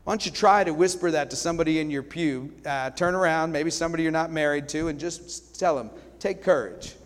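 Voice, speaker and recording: Pastor preaching in a reverberant church. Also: male voice, a little high, steady tone, quick pace. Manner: storytelling, swings from loud to hushed. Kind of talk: sermon. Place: church sanctuary. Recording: long hall reverb.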